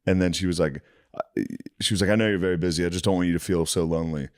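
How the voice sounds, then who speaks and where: A man's voice: low voice, steady tone, very fast, darkish tone, clean tone, no room sound, studio quality. A man co-hosting a podcast, chatting casually and animatedly, often laughing and mimicking people he describes. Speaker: podcast co-host. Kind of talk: casual chat.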